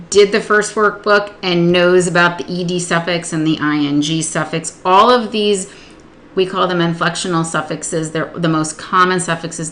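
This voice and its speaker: A woman with a rather low voice that still sounds bright and crisp walks through a spelling lesson. She explains each step patiently and stretches words out slowly to sound them into syllables. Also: a little hiss or hum. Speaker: literacy tutor. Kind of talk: instructional demonstration.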